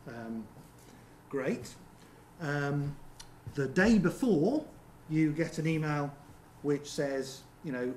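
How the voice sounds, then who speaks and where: Guy giving a seminar talk, kinda high voice, lots of ums and "okay?", echoey theatre room. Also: expressive, takes it slowly, darkish tone. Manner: conversational, frequent ums and rhetorical checks. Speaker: seminar presenter. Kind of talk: conference presentation. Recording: roomy venue with faint background hum.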